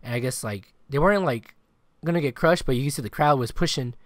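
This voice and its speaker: A man's voice: medium pitch, fast, no echo. A man co-hosting a sports podcast, telling a long story in a rambling, casual way, full of filler words and the odd swear word. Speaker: podcast co-host.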